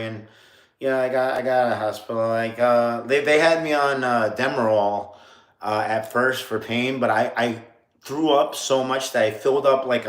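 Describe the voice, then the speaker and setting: A man in his late thirties from New York, telling a story on a casual livestream, rambling with lots of fillers and laughing at himself. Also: medium pitch. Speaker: streamer. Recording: roomy echo.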